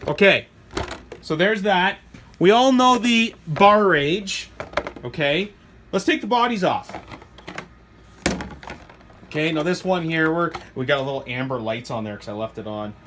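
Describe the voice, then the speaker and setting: A middle-aged man, casually reviewing toy trucks in an excitable, rambling way. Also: unhurried, long pauses, a little hiss or hum. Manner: excitable, rambling, jumps to high squeals when thrilled. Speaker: hobby shop owner reviewing RC trucks.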